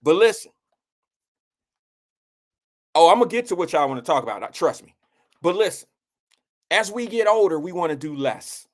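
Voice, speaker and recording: A man's voice: on the high side, expressive, normal speed, pauses often. A middle-aged man hosting a live show, rambling candidly in casual chat and talking straight to his viewers by name. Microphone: live-stream microphone.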